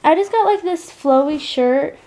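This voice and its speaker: Young mom vlogger, high-pitched, casual filler-heavy chat, handheld camera at home. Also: female voice, expressive, a little slow, warm tone. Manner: chatty, filler-heavy with lots of "like". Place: at home in an apartment, indoors. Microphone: handheld point-and-shoot camera.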